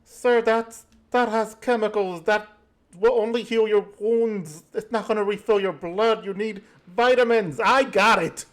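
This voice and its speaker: A man voicing an insistent nurse in a tabletop game, talking in a raised, high voice. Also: unhurried, a bit bright.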